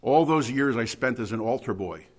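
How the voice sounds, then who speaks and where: A middle-aged man preaching a sermon, emphatic, with loud stressed words and quiet asides. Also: mid-range voice, lively intonation, moderate pace. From New Jersey.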